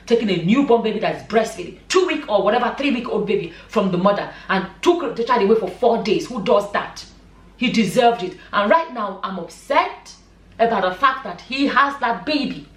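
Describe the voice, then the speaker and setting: A woman vlogger and mother giving her opinion in a passionate, emphatic way, repeating points for stress. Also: medium pitch. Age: adult, a mother. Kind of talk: opinion vlog commentary. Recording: echoey room, mic at a distance.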